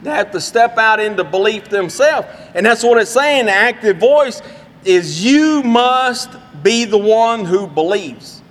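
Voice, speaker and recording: A man's voice: sits high, animated, measured pace, a bit bright. A middle-aged man preaching a sermon in an earnest, conversational way with folksy asides. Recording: long hall reverb.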